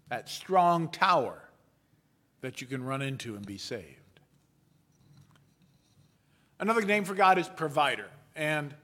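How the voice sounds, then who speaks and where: A man preaching a sermon as a pastor, with a measured storytelling delivery and playful asides. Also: fairly high pitch, bright, forceful tone.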